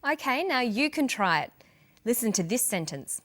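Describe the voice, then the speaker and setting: A woman presenting an English lesson, reading example sentences and slowly stressing syllables for learners. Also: on the high side, sing-song, a bit bright. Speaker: English language teacher. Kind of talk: scripted teaching narration.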